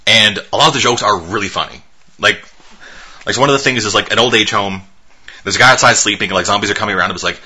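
A man's voice: fairly low pitch, fast, pushed and bright, breathy edge. A man co-hosting a movie podcast in casual chat, talking loosely with lots of swearing and filler words. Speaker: podcast co-host reviewing movies.

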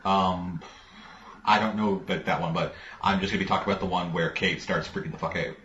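A lower-pitched man in casual podcast chat, loose and profane, laughing easily between remarks. The sound is roomy and a little dull, with a faint hiss underneath. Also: steady tone, a little fast, a bit bright. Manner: loose, swearing, laughs often. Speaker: podcast co-host. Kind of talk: casual chat about TV shows.

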